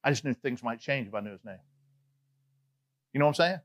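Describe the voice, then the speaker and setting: A middle-aged man from Atlanta, Georgia with a Southern accent, preaching a sermon as a chatty, animated storyteller with frequent asides. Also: medium pitch, quick pace. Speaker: pastor.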